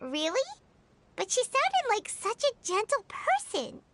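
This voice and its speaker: A woman voicing a tiny, chirpy, childlike floating companion sprite in a video game, with a squeaky manner. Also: huge pitch swings, a little slow, noisy background, full character voice. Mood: eager, curious.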